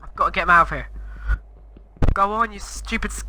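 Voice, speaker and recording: Flustered man, high bright voice. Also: a little fast, a little hiss or hum, poor audio. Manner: flustered, exclaiming, rambling. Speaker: gamer. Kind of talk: Minecraft gameplay commentary.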